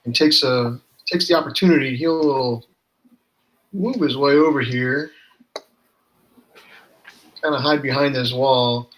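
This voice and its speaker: A man's voice: mid-range voice, a bit bright, rough recording. A man playing a tabletop game over a voice call, describing what his character does with frequent restarts. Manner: hesitant restarts, then rushes descriptions. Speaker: player.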